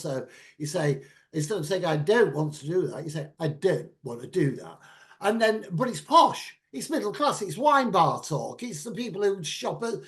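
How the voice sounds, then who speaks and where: A middle-aged man ranting about politics in casual chat, animated and at times shouting. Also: a little high.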